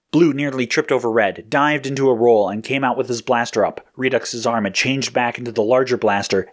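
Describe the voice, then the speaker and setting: Give me a low-voiced man narrating an action story in a steady way.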